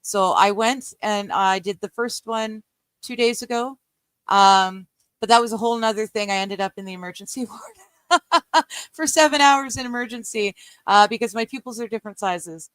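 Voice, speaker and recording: A middle-aged Canadian woman chats with her stream audience in a mid-pitched voice. Her talk wanders, full of ums and easy laughter. The sound is dry and close, with no room echo. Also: moderate pace, fairly bright tone, smooth. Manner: chatty and rambling, laughs often, many ums. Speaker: live-stream host reading a book aloud. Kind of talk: casual live-stream chat with viewers.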